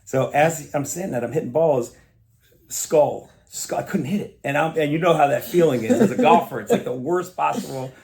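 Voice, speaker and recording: Podcast guest, male, gravelly voice, animated storyteller who acts out quoted lines. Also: fairly high pitch, normal speed. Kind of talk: casual storytelling chat.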